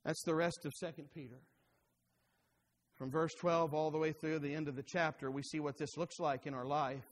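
A male pastor preaching a sermon, rising to fervent urging and dropping low and quiet. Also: steady tone, moderate pace, in a large hall.

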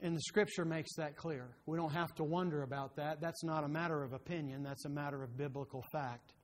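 Emphatic preacher man, somewhat high voice. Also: steady tone, brisk. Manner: emphatic, rising to impassioned pleading; quotes scripture chapter and verse. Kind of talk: sermon.

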